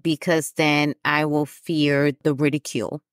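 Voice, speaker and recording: Woman host, low voice, candid solo podcast talk, dry close recording. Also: little pitch movement, unhurried, no room sound. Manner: candid, laughs at herself, frequent fillers. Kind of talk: personal reflective podcast talk.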